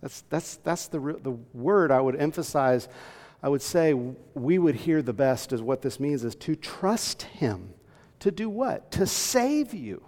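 A man's voice: fairly high pitch, big pitch swings, a little slow, a little mellow. A man preaching a sermon, reading scripture aloud and explaining it earnestly, rising to emphatic peaks. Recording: long reverb in a large hall.

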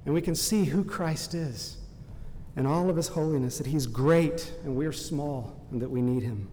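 A man pastor preaching a sermon earnestly, slowing down for emphasis and softening his voice for quotations. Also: a little high, big-room sound, a little hiss or hum.

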